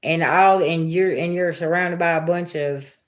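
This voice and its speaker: A woman's voice: on the low side, fairly even intonation, measured pace. A woman hosting a tarot reading livestream, chatting casually with her viewers and telling a story in a loose, colloquial way. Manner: chatty storyteller, talks back to chat, colloquial. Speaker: tarot reader livestream host.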